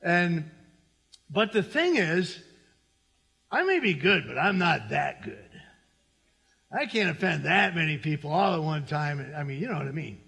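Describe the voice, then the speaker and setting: High-voiced pastor preaching in a reverberant hall. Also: male voice, sing-song, a little slow, creaky, pauses often, pushed and bright. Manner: conversational preaching with asides to the congregation. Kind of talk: sermon. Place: church sanctuary.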